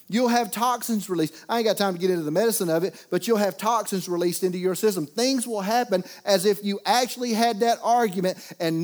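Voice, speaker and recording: A middle-aged man preaching with a drawl, his voice sitting high for a man. He is folksy and joking, swinging from loud exhortation down to quiet asides. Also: fast, hardly any pauses. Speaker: pastor. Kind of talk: sermon.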